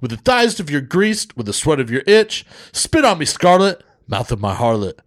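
Man playing a loud brash comic reciting verse, pitched high and punchy. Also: sing-song, moderate pace. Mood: bawdy bombast. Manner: shouty, punchy comic delivery. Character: brash loud male stand-up comedian reciting. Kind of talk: comic poetry reading.

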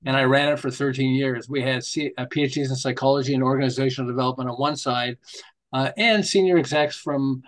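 A man's voice: medium pitch, quick pace. An older man from Canada, a podcast guest, telling rambling stories in a casual interview with many restarts. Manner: rambling, animated anecdotes with restarts.

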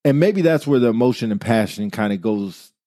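A man's voice: lowish voice, a little fast, no room sound, studio quality. A man co-hosting a casual talk show, chatting animatedly and acting out quoted remarks as he makes his points. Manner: animated, talks through examples with quoted asides. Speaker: podcast co-host. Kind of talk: casual chat.

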